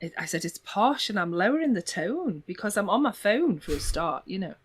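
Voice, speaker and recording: An English woman chatting as a podcast guest, telling animated stories with gasps and laughs. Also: mid-range voice, a little fast, breathy edge. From England. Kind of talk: casual chat.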